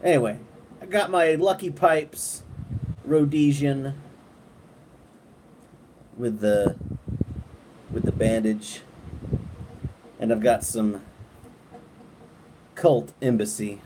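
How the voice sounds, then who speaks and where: Slow, rambling man chatting outdoors in the wind. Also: medium pitch. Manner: relaxed and rambling, chatting to viewers, trailing off and restarting. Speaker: live stream host. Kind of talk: casual live stream chat. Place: outdoors at night, windy, on a porch. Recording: wind noise on the mic outdoors.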